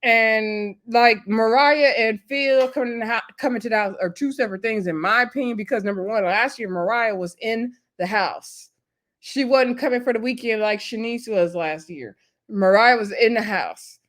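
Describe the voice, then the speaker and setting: A woman's voice: fairly high pitch, moderate pace, fairly bright tone. A woman recapping a reality show episode in casual, opinionated, gossipy chat, retelling scenes with quoted lines.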